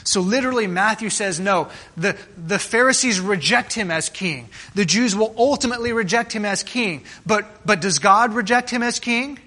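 High, bright-voiced male preacher. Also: moderate pace, few pauses. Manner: conversational preaching with rhetorical questions; stumbling restarts and repeated words. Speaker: pastor. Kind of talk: sermon.

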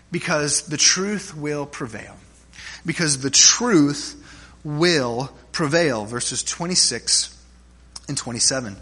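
With a medium-pitched voice that's a bit bright and slightly rough, a pastor delivers a joking, conversational sermon to his congregation. He shares humorous stories, repeatedly asks "right?", and often starts his phrases over.

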